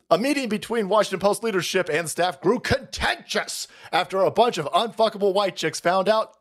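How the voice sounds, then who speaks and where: A foul-mouthed man rants through a live-stream commentary. His voice sits high for a man and swings widely up and down. He mocks his targets, laughs often and bursts into shouts. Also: lively intonation, moderate pace.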